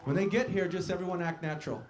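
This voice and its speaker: A man whose voice sits high sings fast on an outdoor stage, with background noise around him. He's an entertainer at a live concert, using a stage mic to banter and playfully coax the crowd into singing along. The loud band and echo of the outdoor setting come through.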